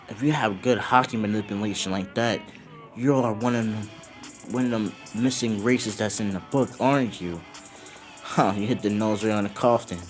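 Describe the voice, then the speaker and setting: Guy with a lowish voice rambling through a fan story, excited, swears, acts out the lines, faint music behind. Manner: loose, excited, swears, many fillers, acts out dialogue. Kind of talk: casual improvised fan-fiction storytelling.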